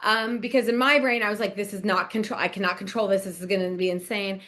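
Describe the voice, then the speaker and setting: Speaking fast in a mid-range voice, this podcast co-host and business coach from Nebraska, a middle-aged woman, tells a casual story. She's animated, laughing often and performing the quoted dialogue.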